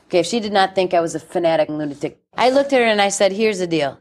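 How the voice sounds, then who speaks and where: Woman in her 40s, interview guest, forceful and blunt, preachy edge. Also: lowish voice, fast, hardly any pauses. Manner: emphatic, blunt, animated preaching tone. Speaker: chastity speaker, guest. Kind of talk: radio interview.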